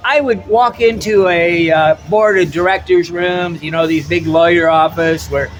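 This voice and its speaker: A man's voice: high-pitched, measured pace, faint music behind, low-quality recording. A middle-aged American man giving a blunt, rambling opinion monologue, often repeating his words. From United States. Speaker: travel vlogger.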